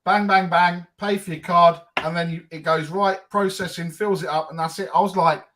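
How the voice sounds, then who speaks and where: Animated man telling a story. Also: sits high, normal speed, a little hiss or hum. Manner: animated storyteller, acts out scenes. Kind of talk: casual chat.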